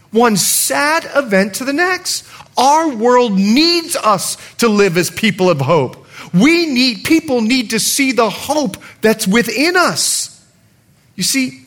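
A middle-aged man from the United States, a pastor preaching a sermon in a lively, humorous way. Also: sits high.

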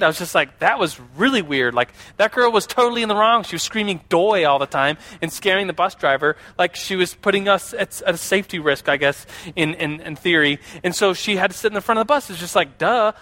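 A high-pitched man tells stories to a group in a loose, chatty way, full of fillers and quick questions to the audience. His tone is bright and sharp, and he slips into animated voices for the people in his stories. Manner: animated, acts out quoted voices. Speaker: speaker addressing a group. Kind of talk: casual storytelling to an audience.

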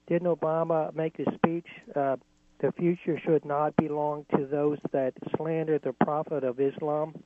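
A man's voice: a little high, little pitch movement, measured pace, no room sound. A man calling in to a radio show, stumbling over his words and repeating his question. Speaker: caller. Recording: tinny phone line.

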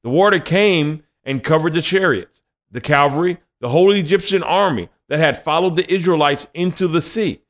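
A man's voice: a little high, moderate pace. Conversational man preaching a sermon. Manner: conversational, acts out quoted voices.

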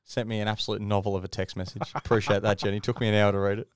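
Deep-voiced Australian bloke telling a yarn. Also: male voice, flat delivery, racing, smooth, dry recording, studio quality. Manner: laughing storyteller, swearing, acting out people he quotes. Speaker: podcast co-host. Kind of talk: casual chat.

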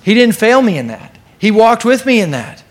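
A man pastor preaching to his church in an animated way, sometimes acting out the voices in the story. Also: sits high, moderate pace. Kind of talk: sermon.

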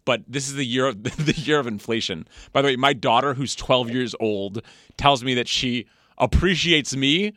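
A middle-aged man hosting a casual interview, animated and jokey, laughing often. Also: mid-range voice, normal speed, dry recording. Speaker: podcast host.

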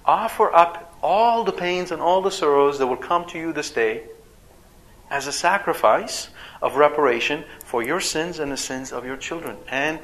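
A man preaching a sermon as a father, animated and acting out quoted voices. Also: fairly high pitch, moderate pace.

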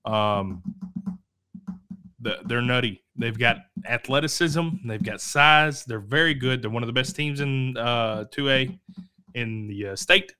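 A man hosting a local high school sports show, talking casually and rambling, correcting himself and coughing now and then. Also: measured pace, sharp tone, clean tone. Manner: rambling, self-correcting, chatty. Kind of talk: casual sports talk to camera.

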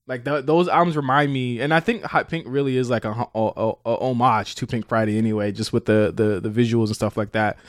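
A man's voice: mid-range voice, fairly even intonation, a little fast, hardly any pauses, no room sound, clean studio sound. A man co-hosting a podcast, chatting and arguing casually, laughing often and restarting his sentences. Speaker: podcast co-host. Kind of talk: casual debate chat.

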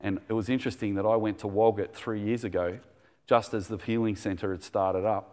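A man's voice: lowish voice, steady tone, fairly quick, mellow, in a large hall. A man preaching a sermon in a conversational, enthusiastic way, telling stories as he goes.

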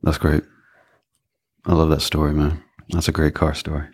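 A man hosting a podcast interview in a studio, relaxed and encouraging, with lots of affirmations. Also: rumbling low, moderate pace, breathy edge. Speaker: podcast host. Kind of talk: casual interview chat.

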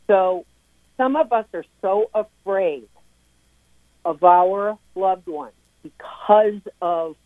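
A woman's voice: fairly low pitch, dry recording. A middle-aged woman, a parent speaking as an interview guest, talking earnestly and emphatically with frequent restarts. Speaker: guest, parent of a recovering addict. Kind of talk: interview talk. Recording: tinny dry phone line.

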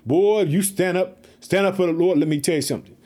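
A man reading a Bible passage aloud and preaching on it in an animated, casual way, repeating phrases and talking straight to his listeners. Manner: swings between raised, quick bursts and low, slow asides. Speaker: preacher reading and explaining scripture. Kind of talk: lively Bible reading with commentary.

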